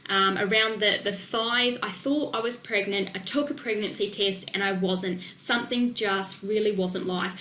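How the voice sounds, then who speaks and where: A woman with a New Zealand accent presenting a webinar as a nutrition coach, talking fast and excitedly with fillers. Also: mid-range voice, reverberant, slight background noise.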